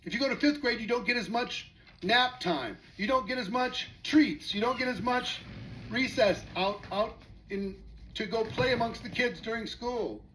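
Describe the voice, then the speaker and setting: A man's voice: very high-pitched, normal speed, fairly bright tone, slight background noise, low-quality recording. A man speaking as a network marketing presenter, telling a story with rhetorical questions to his audience in a motivational talk.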